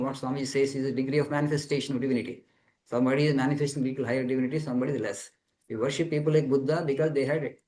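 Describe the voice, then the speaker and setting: A man's voice: medium pitch, a little mellow, low-quality recording. A man, a monk, giving a spiritual teaching talk to students over a video call, explaining earnestly and repeating phrases as he searches for words. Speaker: monk answering students' questions.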